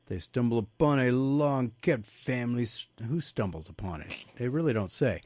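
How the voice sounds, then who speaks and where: A man's voice: mid-range voice, normal speed, few pauses, dry recording. A man hosting a casual movie review show, giving his take and then passing the turn to each co-host. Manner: lively, hands turns to co-hosts. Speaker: podcast host.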